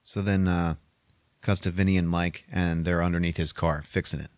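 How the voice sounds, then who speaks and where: A man with a low-pitched voice recaps a film on his podcast, swearing constantly and lively as he acts out bits of each scene. His voice is close and dry, with no room sound around it. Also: normal speed, no room sound. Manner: profane, animated retelling with put-on character voices. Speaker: podcast host. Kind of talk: casual movie recap.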